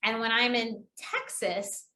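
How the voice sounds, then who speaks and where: A bright, fairly high-voiced woman from New England, with its accent, talking fast in a chatty training lesson. She shows off good and bad delivery by moving her pitch around. The sound is echoey, as if she is in a bare room. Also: slight background noise. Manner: lively, demonstrates delivery with shifting pitch. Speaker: public speaking trainer. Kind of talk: online training presentation.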